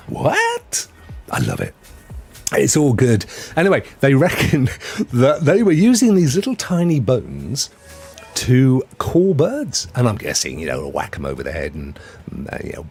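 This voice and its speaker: Lively, jokey man streaming. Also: mid-range voice, husky. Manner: jokey, chatty, laughs often, animated delivery. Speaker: host of a gaming news stream. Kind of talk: casual live-stream chat.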